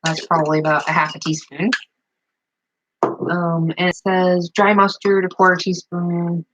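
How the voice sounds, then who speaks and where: A woman's voice: lowish voice, flat delivery, unhurried, dull audio, noisy background. A woman chatting casually as she shows a recipe at her farmhouse table, rambling with plenty of fillers. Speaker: home cook vlogger. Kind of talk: casual cooking demonstration.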